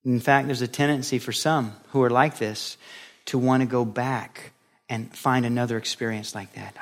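A man's voice: medium pitch, normal speed. A male pastor giving a sermon in a conversational style, acting out quoted voices as he goes.

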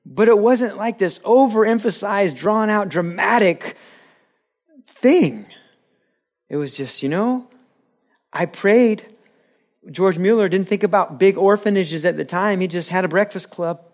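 A man preaching a sermon in a church, animated and laughing with the audience, acting out quotes. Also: high voice, measured pace, long pauses. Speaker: pastor.

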